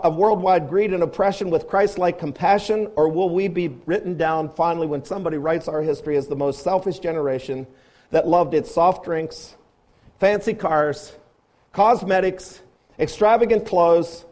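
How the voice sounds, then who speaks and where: A man preaching a sermon, firing rhetorical questions and swinging between loud appeals and quiet, low asides. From grew up on a farm.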